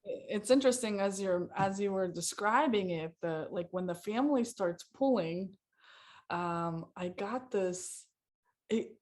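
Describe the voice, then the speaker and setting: A woman's voice: mid-range voice, a little mellow. Woman, 40s, podcast co-host, chatty storyteller with plenty of ums and restarts, mid-range voice. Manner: storytelling, halting with many fillers. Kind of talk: casual podcast chat.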